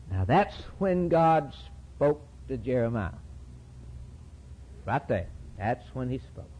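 A man's voice: high-pitched, a little mellow, rough recording. A man preaching a sermon with impassioned delivery, reading scripture aloud and voicing a prophet's prayer.

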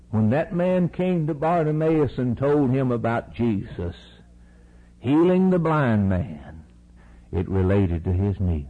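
A man preaching an impassioned sermon, swinging between shouted peaks and hushed, intimate lows. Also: phone-quality sound.

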